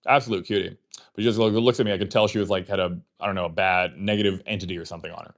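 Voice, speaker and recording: Man, livestream host, rapid-fire casual storytelling, rambling, swears a lot, acts out conversations. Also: deep voice, fairly even intonation. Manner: rapid rambling delivery full of fillers and swearing; acts out remembered conversations in his telling.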